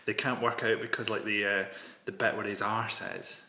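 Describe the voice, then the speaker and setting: A Scottish man chatting as a comedian co-host, swearing often and riffing through quick absurd bits. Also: lowish voice, little pitch movement, bright, forceful tone. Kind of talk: casual comedic chat. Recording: echoey room.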